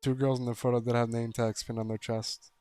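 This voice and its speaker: A man's voice: mid-range voice, flat delivery, brisk, mellow, smooth, dry recording. A man streaming a visual novel, reading the text aloud and breaking off into exasperated, profane commentary.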